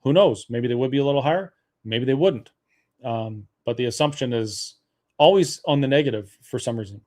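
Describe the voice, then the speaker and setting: A man's voice: mid-range voice, fairly quick, a little mellow. A man from Alberta hosting a webinar, arguing a political case point by point with frequent fillers and restarts. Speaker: webinar host. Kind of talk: persuasive political talk.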